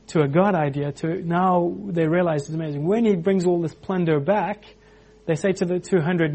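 Man, husky voice, slightly high pitch, informal sermon, animated storytelling. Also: normal speed, few pauses. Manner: animated, acts out quotes, many restarts. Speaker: preacher.

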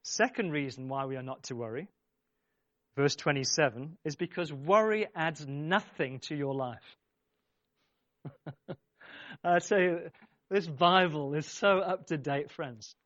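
A man's voice: on the high side, measured pace, long pauses, a bit bright, no echo, muffled recording. A man preaching a sermon, speaking emphatically, repeating his phrases and urging the congregation on. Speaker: pastor.

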